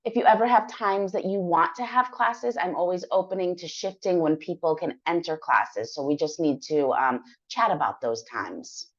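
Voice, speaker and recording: A woman's voice: on the low side, normal speed, hardly any pauses. Encouraging woman teaching English, lo-fi sound. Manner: clear, encouraging, explains step by step. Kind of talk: online English lesson. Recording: dull lo-fi sound.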